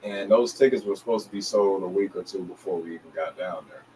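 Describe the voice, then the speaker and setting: A man's voice: low-pitched, fast, warm tone, distant mic, poor audio. A man from the Atlanta area tells a rambling story in a laid-back interview, full of slang, and he jumps into other people's voices as he goes. He sits a little back from the mic. A faint hum of noise lies behind him. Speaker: interview guest, DJ and recording artist. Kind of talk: casual storytelling in a podcast interview.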